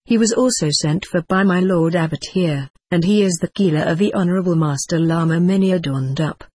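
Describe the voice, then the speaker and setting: A woman voicing a humble male serving monk who speaks up loudly and plainly, in a storybook reading. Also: fairly low pitch, fairly quick, slightly rough, no room sound. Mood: insistent. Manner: loud, matter-of-fact reporting.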